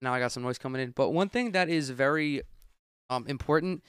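A man's voice: medium pitch, fairly quick, fairly bright tone, clear, resonant tone, no echo. A man hosting a solo podcast from a room at home, giving blunt, opinionated commentary full of swearing. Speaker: podcast host. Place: room at home with windows open.

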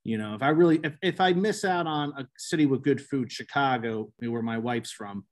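A middle-aged man with a New Jersey accent, hosting a podcast in casual, animated chat with quick restarts. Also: mid-range voice. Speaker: podcast host.

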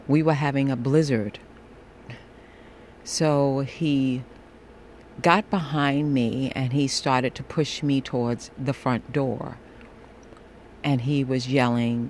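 Slow, sultry-voiced woman podcaster. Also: very deep voice, a little mellow, slight background noise. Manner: deliberate, with playful theatrical asides. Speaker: podcast host. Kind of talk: personal storytelling podcast.

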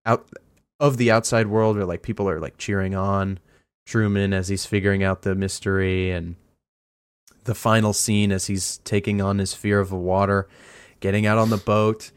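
A man's voice: on the low side, level tone, moderate pace, smooth, no echo. A young man co-hosting a casual podcast, talking in an enthusiastic, rambling way and laughing often. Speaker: podcast co-host. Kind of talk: casual chat.

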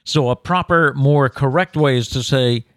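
A man's voice: mid-range voice, normal speed, fairly bright tone, no echo, clean studio sound. A male co-host chatting casually and reading an article aloud, with a mock-formal emphasis on the words he reads out. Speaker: co-host of a daily news show.

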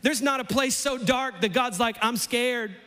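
A man preaching a sermon in a church, playful and animated, his voice climbing almost to a shout as he acts out lines. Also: extremely high pitch, normal speed, big-room sound. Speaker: pastor.

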